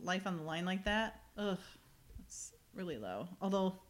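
A woman's voice: lowish voice, sing-song, measured pace. A woman casually recapping a TV episode with friends, retelling scenes and quoting the characters. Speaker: podcast co-host.

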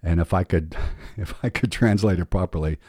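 A man's voice: low voice, moderate pace, mellow, no echo, clean studio sound. A man hosting a podcast, teaching from the Bible in an earnest, preaching manner with emphatic rhetorical questions. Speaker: podcast host.

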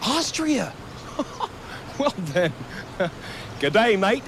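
An actor playing a polite visiting lecturer asking for directions, chatty and joking. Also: male voice, sits high, very animated, extremely slow, heavily acted. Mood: amused. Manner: chatty, amused, laughs at own jokes. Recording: film clip with street traffic noise.

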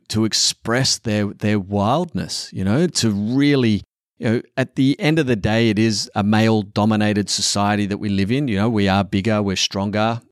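A middle-aged man has a smooth, lowish voice, captured in studio quality without room sound. He's on a podcast talking candidly and earnestly about being a father, swearing often and raising his voice whenever he acts out a quote.

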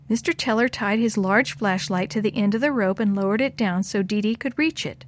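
A woman narrating a children's story aloud in a clear, steady way. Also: mid-range voice, a little fast, few pauses.

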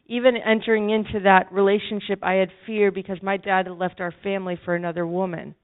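A woman's voice: medium pitch, little pitch movement, fast. A woman preaches with impassioned, pleading fervor. Her voice comes through thin and boxy, like a phone line. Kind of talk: sermon. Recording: phone-like narrow sound.

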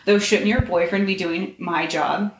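A woman's voice: fairly low pitch, steady tone, measured pace. A woman reading aloud, voicing a sardonic young male wizard with a dry, clipped, grudging delivery. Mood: wry. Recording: roomy echo, faint noise.

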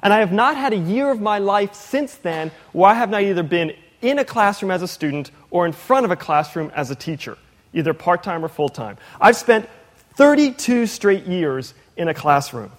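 A man's voice: sits high, very animated, moderate pace, big-room sound. A man in his thirties preaching a sermon in a conversational, playful way, sometimes mimicking others. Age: 30s. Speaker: preacher and teacher.

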